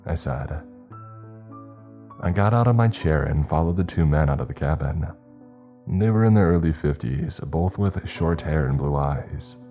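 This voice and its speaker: Guy with a super deep dark voice reading a horror story, faint music behind. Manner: steady, measured first-person storytelling. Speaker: narrator. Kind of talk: scripted horror story narration.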